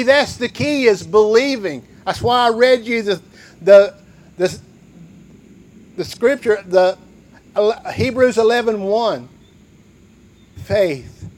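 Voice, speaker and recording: A man preaching a sermon, reading scripture and repeating key phrases for emphasis. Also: high-pitched. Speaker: pastor.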